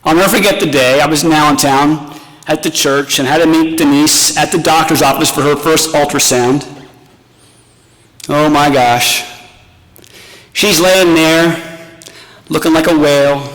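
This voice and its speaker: A man's voice: fairly high pitch, steady tone, unhurried, pauses often, fairly bright tone. Man telling stories in an echoing hall. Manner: storytelling, self-mocking humor turning tender. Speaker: pastor. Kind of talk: retirement party speech. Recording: reverberant hall.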